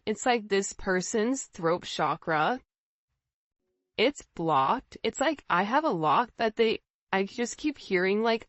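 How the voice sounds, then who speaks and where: A woman's voice: mid-range voice, animated, takes it slowly, no echo. A woman giving a casual tarot reading, speaking earnestly and repetitively straight to the viewer. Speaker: tarot reader. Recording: slightly dull lo-fi sound.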